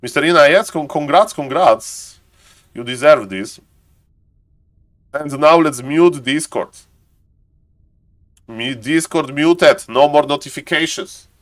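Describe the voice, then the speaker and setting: Excitable streamer man casting a game. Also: fairly high pitch, takes it slowly, pauses often. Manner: excitable, talks to chat, keeps saying "ladies and gentlemen"; non-native English, stumbles over words. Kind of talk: live game commentary.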